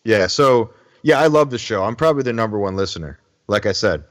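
A man's voice: lowish voice, expressive, fairly quick. Easygoing male podcast host. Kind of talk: casual podcast interview.

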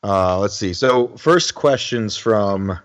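A man's voice: on the low side, slow pace. A man hosting a podcast, asking questions in an easygoing, agreeable way. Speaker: podcast host. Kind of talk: casual podcast interview.

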